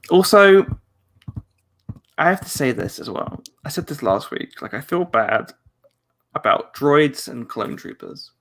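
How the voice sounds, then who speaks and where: A British co-host chatting loosely on a live podcast, restarting sentences and laughing easily. The pitch swings a lot, with a gravelly edge. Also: very animated, unhurried, fairly bright tone. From Britain. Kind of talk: casual live podcast chat.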